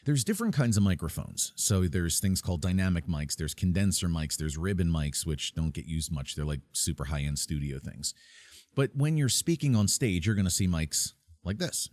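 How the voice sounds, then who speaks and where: A man's voice: deep voice, animated, normal speed, darkish tone, no echo. A man coaching speakers on microphone technique in a casual, step-by-step demonstration from a home studio. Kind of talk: instructional video demo. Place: home studio with mixing board. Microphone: switching between handheld microphones.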